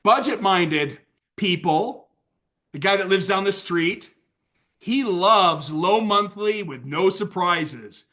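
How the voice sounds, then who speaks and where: A man leading a sales training call, energetic and playful, acting out sales lines with lots of hype. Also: high-pitched, takes it slowly. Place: video call. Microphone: video call mic.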